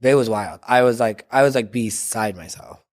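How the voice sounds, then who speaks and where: A man's voice: medium pitch, normal speed. A young man from Canada telling stories as an interview guest, giggling often and acting out what people said. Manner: giggly, animated storyteller who acts out quotes. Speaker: guest, drag performer. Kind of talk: casual interview chat.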